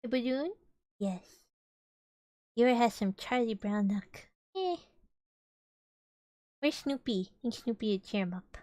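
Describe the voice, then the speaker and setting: A woman's voice: a little high, animated, measured pace, long pauses, warm tone, no echo, clean studio sound. A young woman streamer reading a storybook aloud with playful, chatty asides to her viewers. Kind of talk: casual storybook read-aloud with chat.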